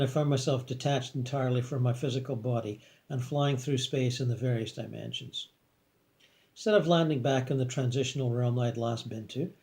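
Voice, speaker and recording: A man calmly reading a first-person afterlife story in a measured way. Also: medium pitch. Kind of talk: scripted first-person narration.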